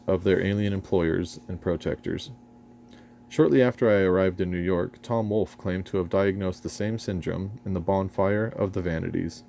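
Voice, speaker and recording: A man's voice: deep voice, creaky, dark tone, slight background noise. An English man reading his own memoir aloud in a dry, ironic, erudite manner, sometimes stumbling over a word. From England. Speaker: memoir narrator.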